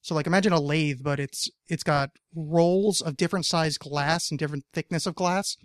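A man's voice: a little high, fairly even intonation, normal speed, no echo, studio quality. A man hosting a casual podcast chat, rambling with many fillers, jokes and swearing. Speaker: podcast host.

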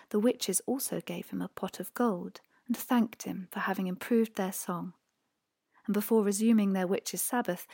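A woman narrating a fairy tale in a hushed voice that often drops to a whisper. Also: medium pitch, gravelly, breathy edge, no echo, clean studio sound. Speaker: audiobook narrator. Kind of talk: storybook narration.

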